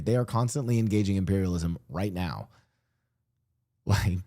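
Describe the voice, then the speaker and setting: A man streaming and chatting casually about world politics, rambling and animated, often restarting his sentences and slipping into mock voices. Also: low voice, moderate pace. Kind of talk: casual livestream chat. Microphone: streaming desk mic.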